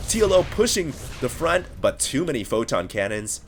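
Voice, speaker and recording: A man commentating a strategy game match live, energetic and building to excitement at the big plays, his voice sore and strained. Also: fairly high pitch, normal speed, faint music behind. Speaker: esports caster.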